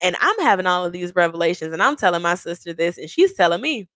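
A woman in her thirties hosting a podcast, telling a personal story in a candid, profane, animated way. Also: fairly low pitch, fast talker, few pauses, no echo. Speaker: podcast host. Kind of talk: casual storytelling.

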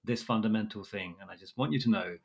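Man, late thirties, podcast co-host, quick talker, candid, ranting. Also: lowish voice. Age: 30s. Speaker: podcast co-host, doctor in training. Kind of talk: casual podcast chat.

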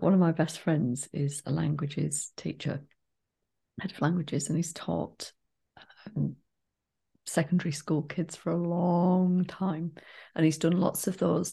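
A woman co-hosting a casual podcast, reflective and prone to tangents, animated when telling stories. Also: sits low, vocal fry, husky. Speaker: podcast co-host.

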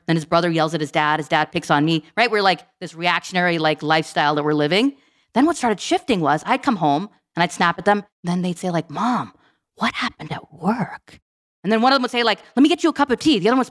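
A woman in her forties talks quickly as a podcast guest. She tells personal stories with animation and acts out her family's voices. Her pitch sits in a middle range. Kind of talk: storytelling in a podcast interview.

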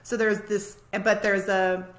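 A woman with a bright, forceful voice, chatting casually as a therapist co-hosting a podcast. She tells her stories in an animated way, full of "like"s. Her pitch sits in the ordinary middle range. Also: measured pace. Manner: animated storyteller, frequent "like". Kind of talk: casual conversational chat.

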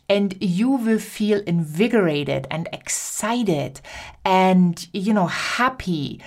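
A woman with a German accent hosting her own podcast, talking alone to listeners in an upbeat, encouraging way and stretching words for emphasis. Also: mid-range voice. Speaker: podcast host. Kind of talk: solo podcast monologue.

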